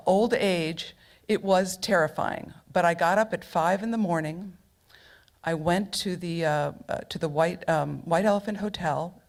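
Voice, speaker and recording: On stage at a local storytelling event, a middle-aged woman with a lowish voice tells a personal story. She's humorous and chatty, and her telling is full of asides.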